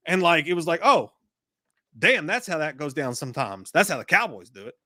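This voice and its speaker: A man co-hosting a casual movie chat, rambling in a crude, animated way. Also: a little high, brisk, no echo, clean studio sound. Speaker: podcast co-host. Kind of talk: profane casual movie rant.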